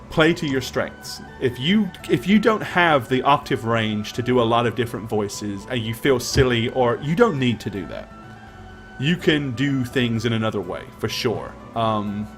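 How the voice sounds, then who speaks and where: A man's voice: medium pitch, a bit bright. A man answering chat questions on a live stream with a sore voice, chatty with many fillers. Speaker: dungeon master and stream host.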